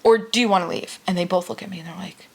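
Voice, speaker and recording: A woman's voice: on the low side, quick pace, creaky, breathy edge. A woman in her thirties, co-hosting a podcast, telling family stories in casual chat and laughing often. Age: 30s. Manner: animated storyteller, laughs often. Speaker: podcast co-host.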